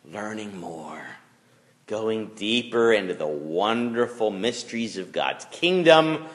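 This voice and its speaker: A man's voice: fairly low pitch, a little slow. A male pastor gives a chapel sermon for young children. His voice leaps and dips expressively as he teases and acts out little scenes. The sound carries a long reverb from the chapel. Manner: animated, playful voices for the kids. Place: school chapel.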